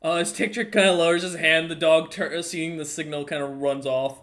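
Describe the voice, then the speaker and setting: Male game master, fairly high voice, halting and filler-heavy narration. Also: steady tone, fairly bright tone. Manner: halting, full of ums and uhs.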